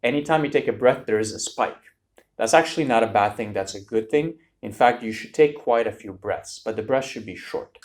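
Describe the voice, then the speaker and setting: A man's voice: mid-range voice, fairly quick. A man coaching students for a speaking exam, talking directly and energetically to viewers. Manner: direct, energetic, addresses viewers as "you guys". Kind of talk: tutorial lesson to camera.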